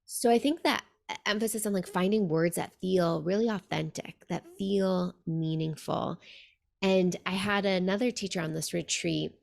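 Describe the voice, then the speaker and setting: Gravelly-voiced woman hosting a podcast. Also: lowish voice, moderate pace. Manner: reflective, gentle, many "like" fillers. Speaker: podcast host. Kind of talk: conversational interview.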